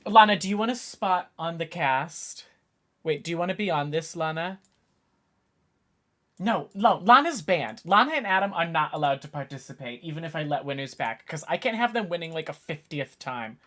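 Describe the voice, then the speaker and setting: A man's voice: fairly high pitch, normal speed. A man in his twenties, a streamer chatting casually and jokingly with his viewers. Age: 20s. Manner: animated, jokey, talks to chat while typing. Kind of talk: casual live-stream chat.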